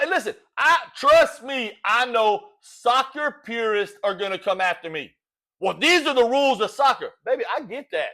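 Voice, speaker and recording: High-voiced folksy Cajun man ranting. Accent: Cajun Louisiana. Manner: folksy, animated, rhetorical, says "all right?" often. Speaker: sports talk host. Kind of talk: opinionated sports talk rant.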